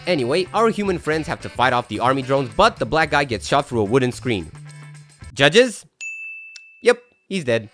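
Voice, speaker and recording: A man's voice: medium pitch, very animated, a little fast, few pauses, music in the background. A man narrating a comedic movie recap with sarcastic, jokey asides.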